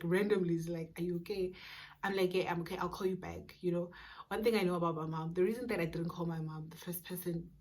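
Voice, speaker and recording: A young, pregnant South African woman vlogs a personal story in a casual, animated way, acting out the dialogue and sometimes dropping to a whisper. Her voice sits on the low side.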